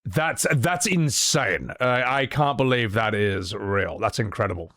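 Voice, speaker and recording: A man's voice: fairly low pitch, lively intonation, measured pace, sharp tone, no room sound, studio quality. A man streaming a game, rambling in casual commentary and swearing freely.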